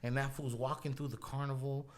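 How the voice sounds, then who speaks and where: A man's voice: mid-range voice, brisk. A man telling wild stories in casual podcast chat, swearing freely and laughing as he quotes people. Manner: profane, laughing storyteller, animated quoting. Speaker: podcast host. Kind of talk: casual storytelling.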